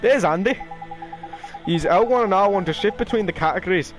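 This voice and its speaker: A man's voice: high voice, a little fast, soft background music, voice pushed up, natural voice. A man reading game lines aloud as a cheeky little male fairy, trying for an accent. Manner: rough attempt at a regional accent, casual reading.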